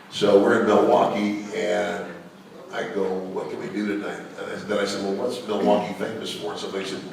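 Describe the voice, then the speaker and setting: Recorded at a distance in a big, echoey hall before an audience, an older guest speaker spins anecdotes in a chatty way, using many fillers. His voice sits low, with vocal fry and a darkish tone, plus a little hiss or hum.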